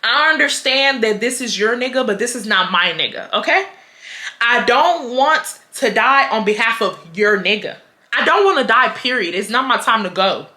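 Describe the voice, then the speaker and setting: A young woman from Houston, telling a story to her viewers in a blunt, animated, profane way with frequent laughter. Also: on the high side, moderate pace, echoey room. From Houston, Texas. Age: 20s. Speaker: vlogger. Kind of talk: casual storytime.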